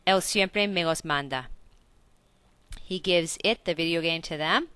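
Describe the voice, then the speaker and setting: Bright, crisp woman teaching grammar. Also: lowish voice, a little slow, dry recording. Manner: explains step by step with frequent self-corrections and check-in questions. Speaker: Spanish teacher. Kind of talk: recorded video lesson.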